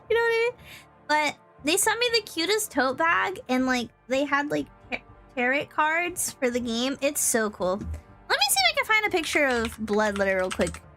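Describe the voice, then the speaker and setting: High, bright-voiced giggly woman streamer. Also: sing-song, moderate pace, faint music behind. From Texas. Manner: rambling, giggly, lots of "like" and "um". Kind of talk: casual chat.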